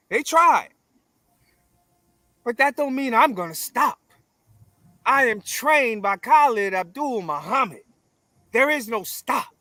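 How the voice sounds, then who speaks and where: High-voiced forceful man, preaching cadence. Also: expressive, slow, pauses often, dry recording. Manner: forceful, emphatic, preaching cadence with repeated phrases; profane, blunt. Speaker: interview guest. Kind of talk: confrontational conversational interview.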